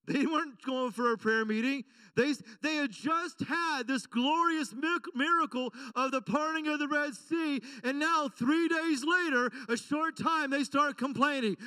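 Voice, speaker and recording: Man preaching a sermon, very high voice, bright and crisp, distant dry mic. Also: dry recording. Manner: emphatic preaching with repeated call-and-response questions. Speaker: pastor. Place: church.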